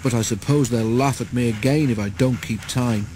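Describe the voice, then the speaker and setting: A man's voice: medium pitch, normal speed, background noise, lightly acted. A man voicing a proud, dignified male steam engine who complains a lot. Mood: sulky, dignified.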